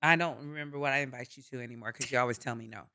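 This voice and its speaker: A middle-aged woman co-hosting a podcast, opinionated and forceful, teasing in casual chat. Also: extremely low pitch, rapid-fire. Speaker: podcast co-host.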